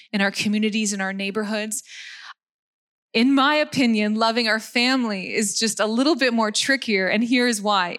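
A woman in her thirties from Canada preaching a casual sermon, chatty, laughing at herself, and repeating key words for emphasis. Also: medium pitch. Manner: warm chatty delivery with frequent fillers and self-deprecating laughs.

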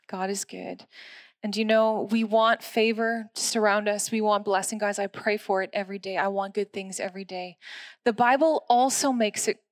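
Woman preacher, mid-pitched, earnest chatty sermon delivery, dry close recording. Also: no echo. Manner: earnest and conversational, frequent laughs.

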